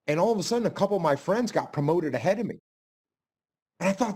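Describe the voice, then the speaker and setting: A man's voice: on the high side, expressive, quick pace, a little mellow. A man answering audience questions in a blunt way, often repeating phrases for emphasis. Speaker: guest speaker.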